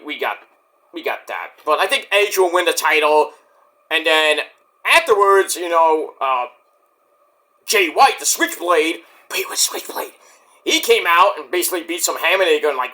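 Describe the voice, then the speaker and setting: Animated, bright-voiced man recapping wrestling. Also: fairly high pitch. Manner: animated, swears freely, acts out wrestlers' lines in shouted bursts. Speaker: wrestling show reviewer. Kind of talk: casual recap and commentary.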